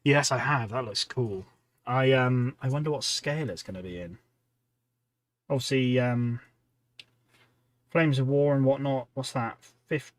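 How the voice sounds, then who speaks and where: In a dry recording, a man of medium pitch hosts a relaxed hobby livestream from home. He paints miniatures and rambles casually, talking to chat between tasks.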